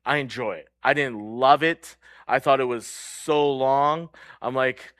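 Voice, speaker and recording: Male pastor preaching a sermon, slow and earnest, ringing forceful tone, dry close sound. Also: steady tone, clear, resonant tone, no room sound. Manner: earnest, swings between loud stress and hushed low lines; checks in with the crowd by asking "right?".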